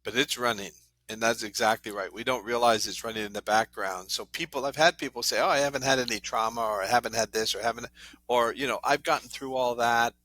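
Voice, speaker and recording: In a podcast interview, a middle-aged trauma therapist tells animated anecdotes, acting out the voices of the people he quotes. His voice is medium in pitch and his delivery brisk.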